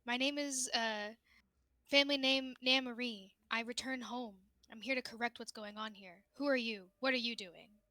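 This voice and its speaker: A woman playing a proud, exiled elf mage in a tabletop fantasy game, with a bright voice in a dry room. She speaks formally and with commanding authority. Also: fairly high pitch, steady tone, moderate pace, no room sound. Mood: guarded.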